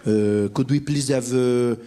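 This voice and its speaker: Man doing a halting French-accented tourist. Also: medium pitch, background noise, pitched below the performer's own voice, close to an everyday voice. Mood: hesitant. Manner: halting, full of "uh"s. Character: hesitant male French tourist ordering.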